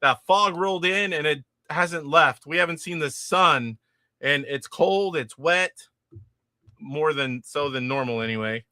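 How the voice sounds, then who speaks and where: A man from California with a high, bright voice hosts a live stream and talks through viewer messages in a loose, rambling way. The sound is close and dry. He restarts his sentences often and laughs easily. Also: measured pace, no room sound. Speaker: livestream host. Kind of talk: casual chat reading viewer comments.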